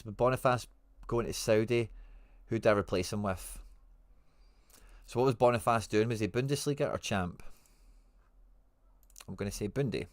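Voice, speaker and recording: A man's voice: mid-range voice, darkish tone, no echo. A man with a Scottish accent hosting a casual livestream, reading out viewer comments and answering them in informal, friendly slang. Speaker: livestream host.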